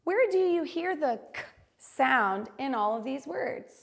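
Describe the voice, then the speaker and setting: Slow, careful woman teaching phonics. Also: sits high, expressive, creaky. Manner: slow, carefully enunciated word-by-word modeling. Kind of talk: phonics lesson for young children.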